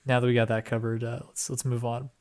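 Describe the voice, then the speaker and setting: Young male podcast co-host, excitable, rambling, casual cursing, relaxed chat. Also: mid-range voice, fast talker.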